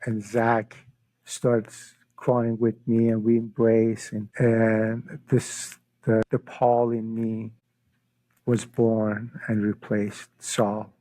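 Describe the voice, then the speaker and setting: A man's voice: fairly low pitch, monotone, extremely slow, dark tone, no echo, poor audio. A middle-aged man from Iran, a podcast guest giving an emotional personal faith testimony, often repeating his words as he tells it. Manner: earnest, emotional storytelling with frequent word repeats.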